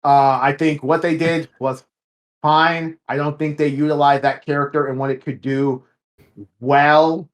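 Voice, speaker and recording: A man with a slightly higher voice than most talks through a casual review chat. He rambles, restarts his sentences and drops the odd curse word as he works through his thoughts. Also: level tone, measured pace. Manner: rambling, self-correcting, swears casually. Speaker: podcast co-host.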